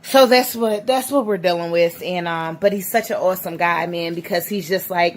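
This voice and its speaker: A woman's voice: lowish voice, normal speed, hardly any pauses. Woman, 30s, casual vlog, emotional, restarts often, phone camera at arm's length, faint noise. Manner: emotional, rambling, many restarts. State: teary. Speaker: vlogger.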